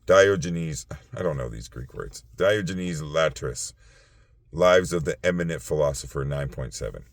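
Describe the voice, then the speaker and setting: A man's voice: extremely low pitch, animated, brisk, gravelly, no room sound, studio quality. A tired man hosting a casual late-night talk show, rambling with many fillers and restarts. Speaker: podcast host.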